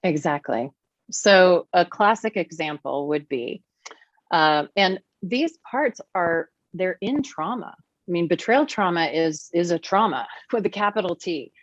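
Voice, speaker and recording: Low-voiced woman explaining earnestly. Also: expressive, a little slow, dry recording, lo-fi sound. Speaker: podcast guest, therapist and teacher. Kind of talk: podcast conversation.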